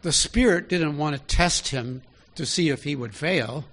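A man's voice: on the high side, measured pace, fairly bright tone. A man preaching a sermon in an easy, conversational way, often asking his listeners direct questions.

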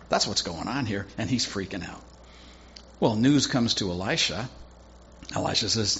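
A man's voice: fairly low pitch, expressive, a little fast, vocal fry, fairly bright tone, lo-fi sound, a little hiss or hum. A male pastor preaching a sermon in a conversational, folksy storytelling way with casual asides.

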